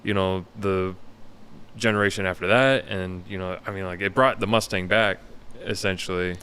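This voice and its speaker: A man's voice: deep voice, steady tone, moderate pace, sharp tone, clean tone. A man hosting a podcast, summarizing his guest's story back with enthusiasm in casual chat. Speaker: podcast host.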